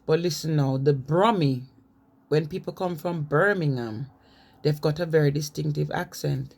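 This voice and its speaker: A woman's voice: sits low, normal speed, vocal fry, a little mellow. A woman from Jamaica with a Jamaican accent, giving an informal spoken lecture, conversational and reading from notes with frequent fillers. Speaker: presenter on language.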